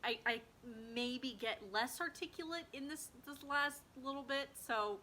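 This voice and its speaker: A young woman chats casually about a book she loves, gushing and rambling with lots of likes and ums. Her voice is bright and sits a little high. The room around her is echoey. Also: unhurried. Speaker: book vlogger. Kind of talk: casual book chat reading passages aloud.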